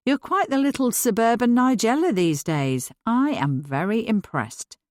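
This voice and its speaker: A woman reading a cheeky, teasing male friend in a story, lowering her voice for him. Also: expressive, a little slow, a little mellow, no room sound, studio quality. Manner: teasing, lazy. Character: cheeky teasing man, lanky old friend.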